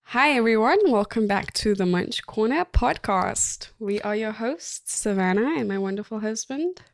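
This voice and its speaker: A woman's voice: medium pitch, expressive, normal speed, gravelly, no room sound, clean studio sound. South African woman, chatty podcast co-host. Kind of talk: casual chat.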